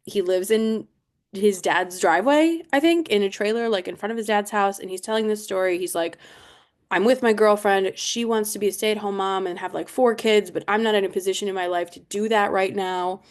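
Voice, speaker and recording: Woman co-host recapping an episode, relaxed storyteller who acts out quotes. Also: mid-range voice, fairly quick. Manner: storytelling, quoting others with emphasis. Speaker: podcast co-host. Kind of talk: casual recap chat.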